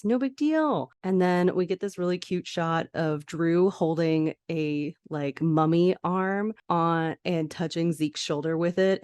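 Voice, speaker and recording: Woman podcast host, chatty episode recap, lowish voice, dry close sound. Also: darkish tone, dry recording. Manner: chatty, enthusiastic, sentimental.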